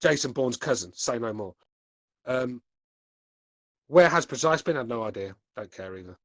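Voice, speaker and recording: A man's voice: medium pitch, animated, normal speed, a bit bright, no echo. A man hosting a podcast, reading live chat with laid-back, crude, mocking banter. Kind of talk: casual live-stream chat.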